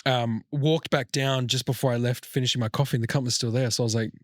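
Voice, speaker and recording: A man's voice: mid-range voice, fairly even intonation, quick pace, no echo, clean studio sound. A young man hosting a podcast, telling a travel story in casual, profane chat with lots of restarts. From Australia. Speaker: podcast host.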